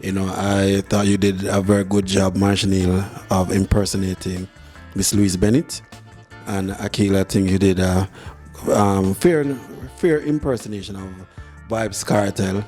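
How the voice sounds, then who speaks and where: Male judge, low steady voice with little pitch movement, measured and evaluative. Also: soft background music. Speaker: talent show judge. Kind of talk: giving judge's feedback.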